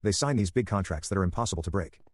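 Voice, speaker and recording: A middle-aged mother talks in a flat, absent-minded way, her mind elsewhere, as a male narrator reads her. The lines come quickly in a low voice. The recording is dry and close. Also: no room sound.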